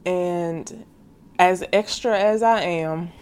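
A woman's voice: fairly low pitch, takes it slowly, a little mellow, clear, resonant tone. Young woman, faith podcast host, earnest and casual direct address. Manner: earnest, heartfelt, calls listeners sis; casual slangy speech.

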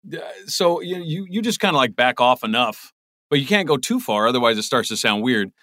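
This middle-aged voice actor guest chats casually in an interview, rambling through lots of restarts and repeated words. His mid-range voice is animated and brisk with a sharp tone. It's studio quality, with no echo.

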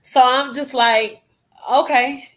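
Guest, young woman, fairly high voice, emotional first-person storyteller who acts out the dialogue. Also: fairly even intonation, slow pace, a bit bright. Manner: emotional retelling with acted-out quotes.

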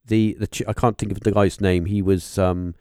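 Male podcast host, lowish voice, halting and full of fillers, dry close sound. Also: flat delivery, mellow, no echo. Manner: halting, many fillers and restarts, musing. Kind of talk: casual interview chat.

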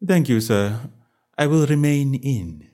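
A man voicing a reserved, disapproving male valet who speaks formally and quietly, ending lines with a clipped "sir". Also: medium pitch, lively intonation, takes it slowly. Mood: stiffly polite.

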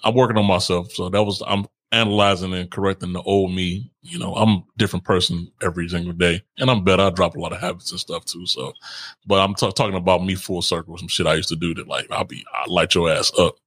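A man's voice: sits low, fairly even intonation, fast talker, fairly bright tone, no echo. A man co-hosting a casual relationship podcast, talking in slang, repeating himself and laughing often. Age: adult, older than co-host. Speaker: podcast co-host.

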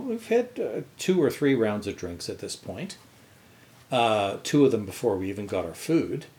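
A man co-hosts a casual podcast and tells a long anecdote. His pitch is very lively and jumps high when he acts out other people's lines. He swears freely as he talks. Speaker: podcast co-host. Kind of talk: casual storytelling chat.

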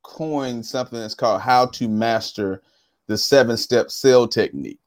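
A man's voice: medium pitch, normal speed. A man hosting a casual podcast interview, asking questions and playfully encouraging his guest.

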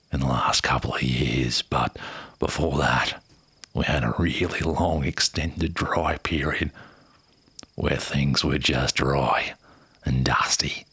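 A man voicing an outback wildlife manager in an exaggerated put-on Australian accent, with a slow, dragged-out drawl. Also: rumbling low, sharp tone, husky, pitched below the performer's own voice, full character voice.

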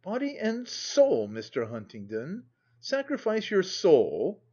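A man's voice: a little high, expressive, a little mellow, lo-fi sound, close to an everyday voice. A man doing a stern, grave older aunt. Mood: shocked. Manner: cold, measured, reproving.

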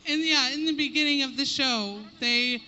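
A man in the audience asking a question in a nervous, halting way. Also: very high voice, bright, forceful tone. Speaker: audience member. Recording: slightly dull sound in a big hall.

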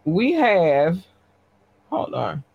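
A woman podcast host giving casual live-stream shout-outs to her listeners, talking in a slangy, blunt, chatty way. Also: on the low side, very animated, extremely slow, creaky, slightly rough, narrow, tinny audio.

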